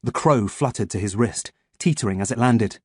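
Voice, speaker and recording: Man, audiobook narration, husky voice, measured, dry studio sound. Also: medium pitch, dry recording.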